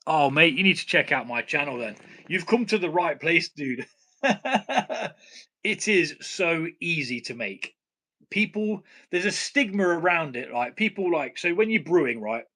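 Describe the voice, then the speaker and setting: Blunt, bright-voiced British man. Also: a little high, lively intonation, a little slow. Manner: blunt, swears casually, laughs at himself. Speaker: home brewing channel host. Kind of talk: casual live stream chat.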